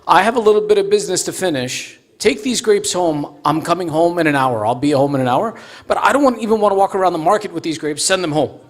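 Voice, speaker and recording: A man's voice: high-pitched, fast talker, close to an everyday voice. A man voicing an impatient, wealthy merchant in a told story, pressing urgently and insistently. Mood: commanding. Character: rich, impatient old-time merchant.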